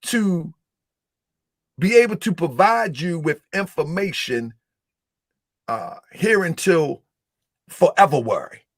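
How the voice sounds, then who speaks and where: A man's voice: on the high side, big pitch swings, slow, long pauses, no echo. Male host, live-stream chat, loose and repetitive, dry close sound. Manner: loose, repetitive, talks the audience through the screen. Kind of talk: casual live-stream talk.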